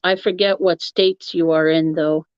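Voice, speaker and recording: Woman, live-stream host, easygoing rambler, unhurried delivery, dry lo-fi home recording. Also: on the low side, fairly even intonation, smooth, no echo. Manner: chatty, rambling, laughs often. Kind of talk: casual chat answering a live chat. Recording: dull, lo-fi, dry sound.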